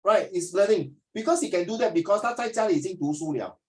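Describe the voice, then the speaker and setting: A man's voice: high-pitched, expressive, fast, low-quality recording. A man with a Singaporean English accent tutoring a class, teasing his students and then lecturing them seriously.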